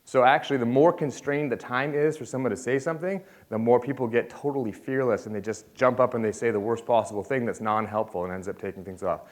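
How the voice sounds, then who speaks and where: A man giving a lively conference talk, joking and calling on the audience. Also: medium pitch, fast talker, hardly any pauses. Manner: energetic, jokey, interacts with crowd. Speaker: conference speaker.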